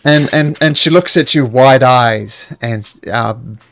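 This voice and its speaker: A man narrating as game master of a streamed tabletop game, relaxed and halting. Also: medium pitch, vocal fry, no room sound, clean studio sound. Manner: relaxed, halting, many restarts.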